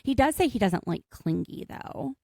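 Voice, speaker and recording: Woman, podcast co-host, casual chat, heavy vocal fry, dry recording. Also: mid-range voice, big pitch swings, darkish tone, no echo. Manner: chatty, jokey, quick asides.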